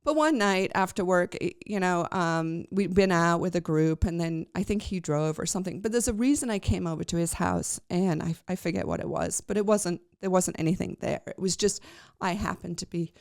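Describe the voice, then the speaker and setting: Woman with a gravelly voice, telling a story. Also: fairly low pitch, moderate pace, few pauses, a little mellow, dry recording, studio quality. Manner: chatty, rambling, full of fillers and restarts. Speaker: podcast host. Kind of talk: personal storytelling on a podcast.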